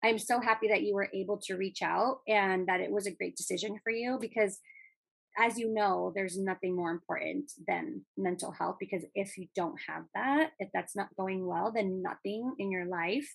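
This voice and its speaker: A woman's voice: mid-range voice, normal speed, vocal fry, husky, dry recording. A woman hosting a podcast interview, encouraging her guest and laughing often in casual chat. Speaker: podcast host.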